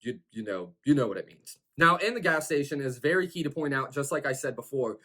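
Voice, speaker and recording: A man's voice: medium pitch, expressive, brisk, sharp tone. A man hosting a horror film review, recapping the plot in a casual, rambling way full of fillers like "like" and "you know".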